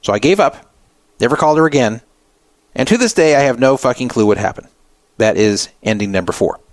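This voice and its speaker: A man hosting a radio show and telling a personal story with animated delivery, jumping into the voices of the people he quotes. His voice sits in a middle register. The studio sound is close and dry, with no room around it. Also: medium pitch, fairly quick, dry recording.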